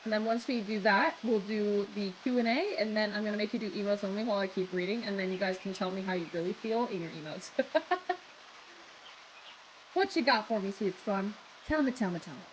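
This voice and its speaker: A young Australian woman streaming live, chatting casually with viewers and reading aloud, giggly and animated. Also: mid-range voice, fairly quick, highs cut off, slight background noise.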